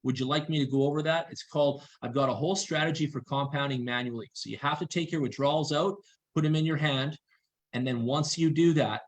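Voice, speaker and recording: A man presenting on a video call, reading questions aloud and answering them briskly, repeating his warnings insistently. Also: on the high side.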